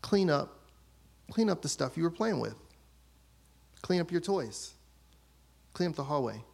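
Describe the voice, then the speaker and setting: A man in his thirties preaches, his voice sitting a little high for a man. He tells a personal story with lively swings in pitch and acts out his children's lines. The talk stays conversational from the pulpit. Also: unhurried, gravelly. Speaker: pastor.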